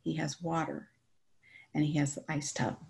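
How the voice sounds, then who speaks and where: Woman, middle-aged, gravelly, lower voice, animated storytelling. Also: normal speed. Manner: animated storytelling, laughing often. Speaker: guest telling her story. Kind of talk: personal testimony chat.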